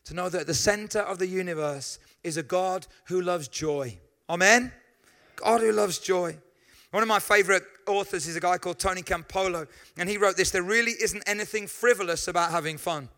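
A man preaching a sermon as pastor, telling lively stories with asides to the congregation. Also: high voice, fairly quick.

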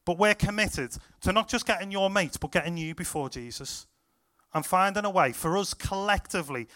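Youth pastor, young, higher-pitched, animated storyteller. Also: male voice, moderate pace. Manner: excited, animated retelling with acted-out quotes. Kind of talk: sermon storytelling to a youth group.

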